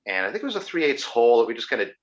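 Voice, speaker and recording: A man's voice: mid-range voice, sing-song, racing, muffled recording. A man from Ontario, Canada, co-hosting a live-streamed talk show and talking in a rambling, enthusiastic way. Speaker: podcast co-host. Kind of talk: casual live-stream chat.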